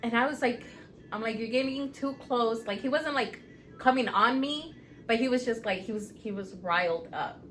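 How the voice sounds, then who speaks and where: A woman in her thirties with a high, bright voice tells a story in loose, profane, animated chat. She co-hosts a podcast, and the recording carries a faint hiss. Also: normal speed. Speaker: podcast co-host. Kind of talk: casual chat.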